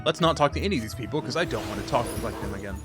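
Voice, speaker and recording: A man's voice: mid-range voice, animated, very fast, over loud music. A man casually commenting on a game he is streaming, joking, swearing and mocking himself.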